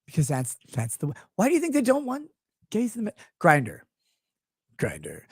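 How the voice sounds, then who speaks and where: A man hosting a show in a profane, sarcastic rant, mocking people and slipping into quick impressions of them. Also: very high voice, huge pitch swings, dark tone, breathy edge, no room sound, clean studio sound. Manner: slips into mocking impressions of others. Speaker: show host. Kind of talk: profane live-stream rant.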